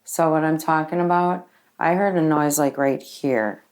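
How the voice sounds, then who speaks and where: A woman's voice: low-pitched, measured pace, a little mellow. A woman paranormal investigator chatting casually and jokingly during a ghost hunt. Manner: joking, offhand.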